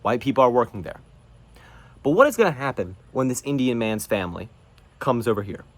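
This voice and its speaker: A man's voice: mid-range voice, big pitch swings, fairly quick, no echo. A man from North Carolina, hosting his own show and delivering an emphatic, preachy monologue. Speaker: show host. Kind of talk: political monologue.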